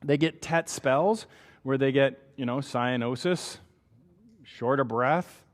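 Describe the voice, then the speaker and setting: Heard with long hall reverb, a Canadian-accented doctor lectures on medicine in a conversational way, often asking "right?". He speaks slowly in a mid-range voice.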